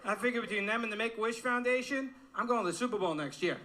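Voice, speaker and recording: A man doing a stand-up set on a comedy club stage, firing off rapid self-mocking one-liners. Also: high voice, pushed and bright. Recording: very noisy live club recording with crowd.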